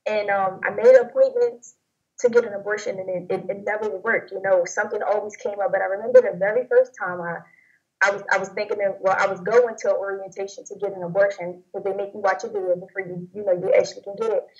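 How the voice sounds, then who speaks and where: A young woman sharing a personal testimony in an interview, talking in a rambling, halting way with many fillers and restarts. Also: mid-range voice, fairly even intonation, darkish tone. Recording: dull lo-fi audio.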